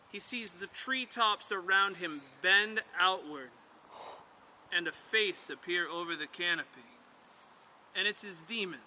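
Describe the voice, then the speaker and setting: A man, a bushcraft instructor, telling an animated story to a camp group outdoors. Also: high voice, a little hiss or hum. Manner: animated storyteller, draws lessons from tales. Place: outdoors at a woodland skills camp.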